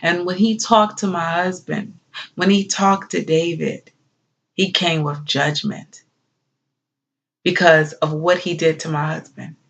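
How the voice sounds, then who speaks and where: A woman performing a dramatic biblical monologue as a grieving young wife and mother who talks slowly, softly and tearfully. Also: lowish voice, fairly even intonation, full character voice. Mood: sorrowful. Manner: slow, soft-spoken, tearful. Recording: dull lo-fi recording.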